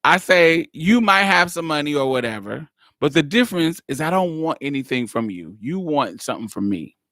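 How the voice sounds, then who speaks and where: A woman's voice: sits low, sing-song, brisk, a bit bright, no echo, clean studio sound. A woman podcast host telling a story in a blunt, exasperated way, laughing often and swearing freely. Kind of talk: casual storytelling monologue.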